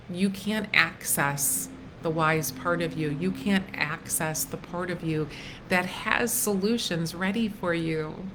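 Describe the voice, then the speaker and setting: A middle-aged woman coach speaking casually on a live stream, earnest and gentle, with soft pauses and restarts. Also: lowish voice, slight background noise, low-quality recording. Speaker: wellness coach hosting a live workshop.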